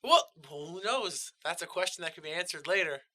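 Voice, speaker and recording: A podcast co-host tossing in short deadpan quips with mock enthusiasm. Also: medium pitch, moderate pace. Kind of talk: casual podcast chat.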